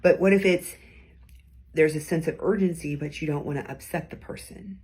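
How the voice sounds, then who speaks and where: Low husky-voiced woman teaching conversationally. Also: normal speed, darkish tone. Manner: conversational, acts out tones in short quoted bits. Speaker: host giving weekly advice. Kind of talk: casual teaching talk to camera.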